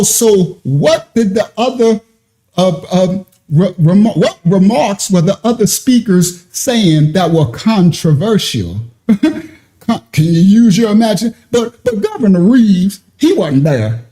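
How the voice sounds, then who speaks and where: A man with a high, mellow voice hosts a livestream in a loose, colloquial style. His pitch jumps around constantly, and he chuckles as he talks. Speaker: livestream host. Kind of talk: casual livestream commentary.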